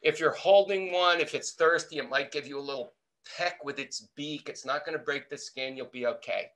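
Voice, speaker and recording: A man's voice: on the high side, moderate pace, fairly bright tone. A middle-aged American man, an entomology professor, telling a playful story in a webinar talk. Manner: storytelling, acting out quoted voices, playful. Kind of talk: lively anecdotal talk.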